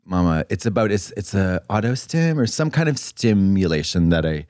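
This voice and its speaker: Podcast co-host, male, lower register, very animated, campy storyteller, dry studio sound. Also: no room sound. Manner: campy, rambling, animated storytelling with drawn-out quotes. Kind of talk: casual chat.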